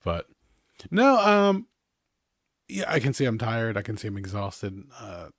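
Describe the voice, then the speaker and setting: A man in his thirties with a fairly low voice, talking loosely as a podcast host. He rambles along in easygoing chat and chuckles often between his remarks. The sound is close and dry, with little room around it. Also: sing-song, unhurried, no room sound. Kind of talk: casual chat.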